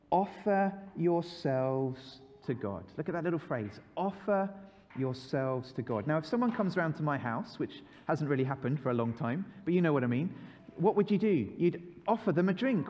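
Man, preacher, children's talk, mellow tone, long church reverb. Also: fairly high pitch, moderate pace. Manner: lively, repeats phrases for listeners to join in. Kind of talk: children's sermon to a congregation.

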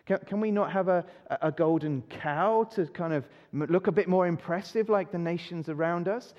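A man's voice: high voice, normal speed, close to an everyday voice. A man voicing a crowd of grumbling worshippers who plead for something more than words, in a whiny tone. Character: grumbling worshippers wanting an idol. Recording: dull recording in a reverberant hall.

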